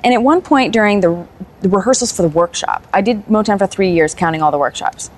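A woman's voice: mid-range voice, animated, brisk. A woman guest on a talk show, telling stories in casual chat and laughing easily. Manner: warm storytelling, laughs easily. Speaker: guest performer.

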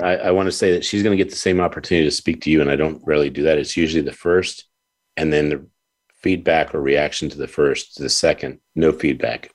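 A man hosting an interview talk show, speaking earnestly with halting pauses and repeated words. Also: extremely low pitch. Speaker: radio show host.

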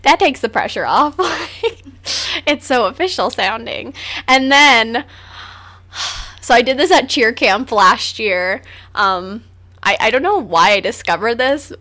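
A woman's voice: on the high side, expressive, a little slow, pushed and bright. A teenage girl hosting a radio show, chatting casually with lots of fillers and giggles.

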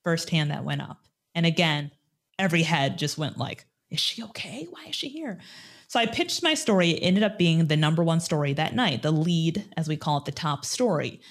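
A woman's voice: low voice, normal speed. A middle-aged woman, a former TV news host, telling a personal story with animation and acting out the dialogue. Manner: animated, acts out quoted dialogue.

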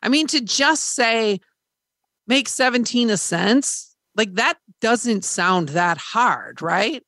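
A woman's voice: medium pitch, lively intonation, slow, few pauses, bright, forceful tone, no room sound, clean studio sound. A woman hosting a podcast, candidly retelling a hard experience in casual chat, swearing freely and acting out quoted dialogue. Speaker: podcast host.

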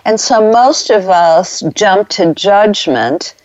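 Slow-speaking woman radio host. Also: mid-range voice, lively intonation, a little mellow, no room sound, highs cut off. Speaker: radio interviewer. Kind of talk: interview.

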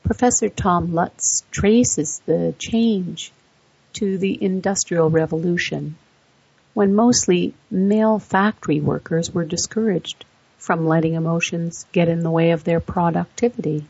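A woman narrating an explanatory voice-over, measured and setting out facts point by point. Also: fairly low pitch, creaky, mellow, breathy edge, dry recording. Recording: dull lo-fi dry recording.

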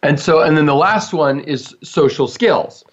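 A man's voice: on the high side, unhurried. Questioning man podcast co-host. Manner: interviewer-like, asks questions and prompts, chuckles. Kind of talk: casual conversational podcast. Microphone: studio microphone on a table. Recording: dull lo-fi podcast audio.

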